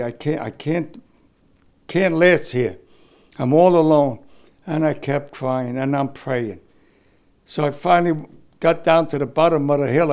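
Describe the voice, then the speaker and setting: Older New veteran, raspy edge, slightly raised pitch, halting, emotional testimony. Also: male voice, a little mellow. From New York City. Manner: halting, repeats words, emotional. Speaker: war veteran recounting his experience. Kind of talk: oral history testimony.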